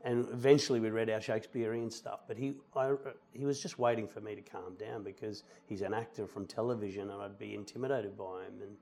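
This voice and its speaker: A man's voice: on the low side, a little fast, gravelly, hardly any pauses. Middle-aged aussie guy, theatre actor guest, tells stories, acts out what people said. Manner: animated anecdotes, quotes people in lively voices. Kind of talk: relaxed storytelling conversation.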